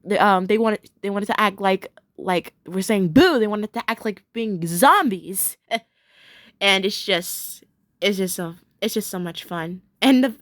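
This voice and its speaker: A woman's voice: mid-range voice, a bit bright, dry recording, studio quality. A young woman casually recapping a cartoon episode, rambling with many fillers, giggling and gushing in bursts.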